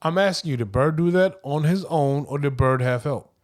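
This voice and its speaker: A man's voice: a little high, moderate pace. Pushy man grilling his co-host. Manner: pushy, cross-examining, repeats his questions. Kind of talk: heated casual sports debate.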